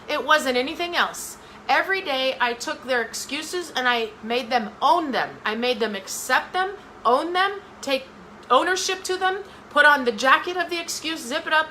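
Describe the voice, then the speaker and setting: A woman's voice: a little high, sharp tone, a little hiss or hum, rough recording. A middle-aged woman giving a motivational talk straight to her viewers, emphatic and repeating phrases for effect. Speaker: motivational speaker.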